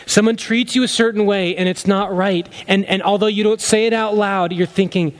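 A man with a notably high voice preaching a sermon. He speaks earnestly, building to emphatic peaks and then falling to low, quiet lines. The delivery is that of a pastor addressing his congregation. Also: normal speed, few pauses.

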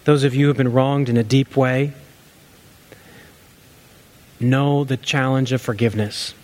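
A man preaching a sermon as a pastor, earnest, rising to emphatic lines and then dropping low and soft. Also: fairly even intonation, a little slow.

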